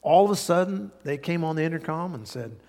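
A man's voice: on the high side, expressive, a little fast, gravelly, darkish tone. A male pastor preaching a sermon in earnest, hammering points home by repetition and folksy stories. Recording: long reverb of a large hall.

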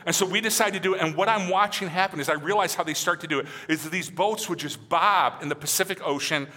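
A man preaching a sermon as a pastor, emphatic and conversational, often asking his listeners "right?", and dropping to a soft, slow voice on key phrases. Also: sits high. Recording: long hall reverb.

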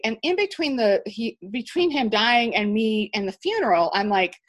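A woman's voice: on the high side, normal speed, hardly any pauses. Emphatic woman telling a long story. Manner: animated, emphatic storytelling with restarts. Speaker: interview guest. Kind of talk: storytelling in conversation.

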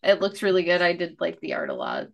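Relaxed gravelly-voiced woman reviewing comics. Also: lowish voice, fast talker. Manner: relaxed, rambling, swears casually. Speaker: comic book podcast host. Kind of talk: casual chat reviewing comics.

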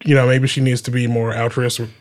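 A young man from Detroit, a TV writer guest, talking in a relaxed, easygoing way with lots of fillers. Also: mid-range voice, fast talker. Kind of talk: casual chat.

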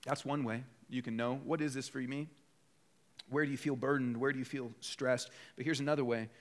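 A man's voice: medium pitch, fairly even intonation, a little fast. A man preaching a conversational sermon as pastor, rising to emphatic bursts when voicing people's inner thoughts. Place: church.

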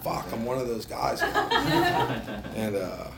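A man's voice: mid-range voice, huge pitch swings, slow pace, vocal fry, a crowd in the background. A man telling his recovery story at a meeting, casual and profane, self-mocking, with lots of fillers and restarts. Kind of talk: candid spoken testimony.

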